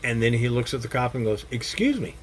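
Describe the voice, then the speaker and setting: A man's voice: mid-range voice, monotone, fast, slight background noise. A middle-aged or older man giving a blunt, casual self-defense lesson to camera, salty language and frequent check-ins with his listener. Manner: blunt and profane, checks in with "Okay?" after points.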